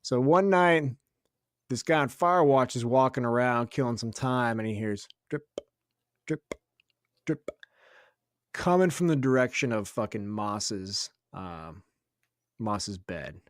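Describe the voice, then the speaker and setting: Laughing and cursing freely, a young podcast co-host spins a story during casual conversation, tossing in quick impressions of others. The audio is studio quality with no echo, and his voice sits in the mid range.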